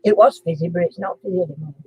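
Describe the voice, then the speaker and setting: A woman's voice: fairly low pitch, very fast, mellow, slight background noise, rough recording. A chatty woman, hosting a casual live chat and quiz stream, giggling and cooing to her dog between guesses.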